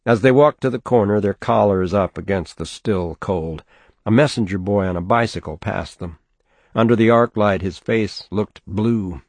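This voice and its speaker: A man narrating a novel in a measured, steady audiobook reading on a close mic. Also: fairly low pitch, no echo. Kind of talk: scripted narration.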